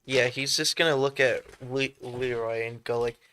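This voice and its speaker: A man playing a tabletop game, reacting quickly and laughing with the group. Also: mid-range voice, little pitch movement, a bit bright, a little hiss or hum. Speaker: player. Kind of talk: casual tabletop chat.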